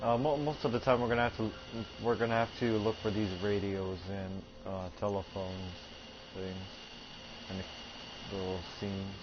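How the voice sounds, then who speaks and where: A man's voice: fairly low pitch, little pitch movement, normal speed, background noise. A man giving casual, hesitant let's-play commentary over a game, rambling a little. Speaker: gameplay commentator. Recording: dull lo-fi sound over loud game music.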